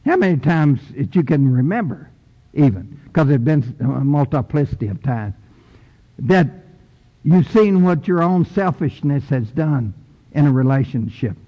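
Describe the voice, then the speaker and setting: A middle-aged man preaching a sermon emphatically, rising loud and dropping soft. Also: on the high side, lively intonation, a little slow, dull audio. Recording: long church reverb.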